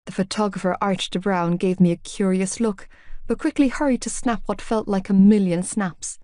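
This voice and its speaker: A woman's voice: medium pitch, moderate pace, mellow, no room sound, clean studio sound. A woman narrating a romance novel in the first person, in an intimate, confiding way. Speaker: audiobook narrator.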